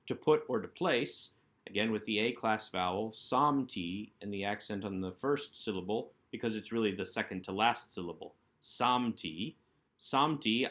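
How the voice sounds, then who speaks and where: Patient, low-voiced male Hebrew teacher. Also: fairly bright tone. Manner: patient, methodical explaining of grammar. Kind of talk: recorded workbook lesson.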